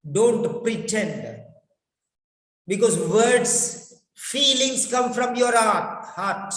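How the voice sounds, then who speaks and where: A man teaching a speaking lesson, talking deliberately and repeating key words for emphasis. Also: high voice. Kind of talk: spoken lesson. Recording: echoey room with long reverb.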